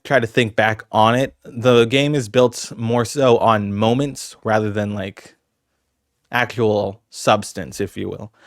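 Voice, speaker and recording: A man with a mid-range voice rambles casually through his ranking of video games, chatty and full of asides and fillers like "you know." The recording is dry and clean, with a studio sound.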